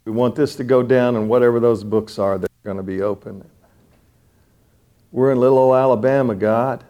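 An older man preaching to a men's gathering and leading fervent prayer, swinging from loud appeals to hushed pleading. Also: medium pitch, fairly even intonation, normal speed. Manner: impassioned, pleading, swells loud then drops to hushed.

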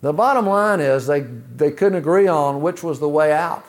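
Preacher, male, fairly high-pitched voice, measured delivery with rhetorical questions. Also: lively intonation. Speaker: pastor. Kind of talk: sermon.

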